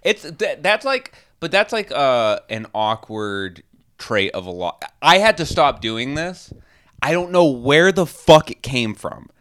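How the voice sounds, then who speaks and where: A man's voice: medium pitch, big pitch swings, unhurried, a bit bright, dry recording, studio quality. A man from Massachusetts co-hosting a podcast, rambling through casual chat with self-mocking jokes and free swearing. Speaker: podcast co-host. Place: podcast studio.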